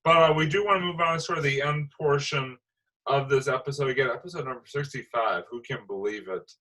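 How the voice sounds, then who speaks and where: Male host with a crisp, bright voice, casual, quick to react. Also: mid-range voice, poor audio. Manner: reacts with short exclamations, runs the show segments. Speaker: podcast host. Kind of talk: casual podcast chat.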